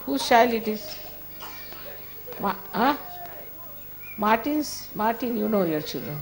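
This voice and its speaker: A woman with a fairly high voice leads an informal spiritual talk before her followers. She speaks conversationally, firm and a little chiding, and laughs often. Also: sing-song, slow pace, pauses often. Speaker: spiritual teacher.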